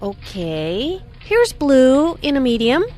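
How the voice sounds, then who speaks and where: A woman's voice: high-pitched, big pitch swings, slow pace, mellow, heavily acted. A woman playing a helpful clothing shop assistant in a scripted learning dialogue, speaking politely.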